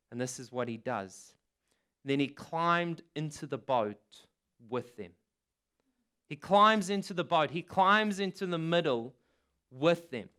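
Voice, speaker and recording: A man preaching a sermon in an earnest, emphatic way, returning again and again to key phrases. His voice sits a little high for a man and sounds smooth and clear. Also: a bit bright. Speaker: pastor.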